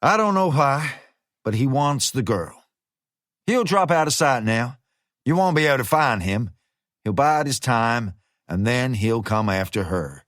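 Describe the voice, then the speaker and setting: Male reader playing a fixer, laid-back and threatening, slow lively delivery. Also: medium pitch, no room sound, clean studio sound. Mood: matter-of-fact. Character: menacing American male hired fixer, slangy.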